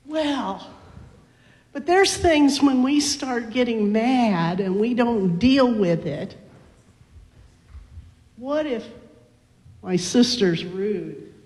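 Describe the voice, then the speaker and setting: A pastor reading scripture, then gently coaxing children with many tag questions during a children's sermon in a church. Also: mid-range voice, animated, very slow, long pauses. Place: church sanctuary. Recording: long church reverb.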